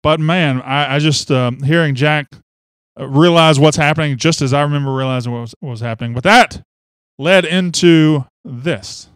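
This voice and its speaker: A man hosting a sports podcast in casual chat, excitable and teasing, swinging from loud bursts to quiet asides. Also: fairly high pitch, normal speed, clear, resonant tone, no echo. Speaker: podcast host.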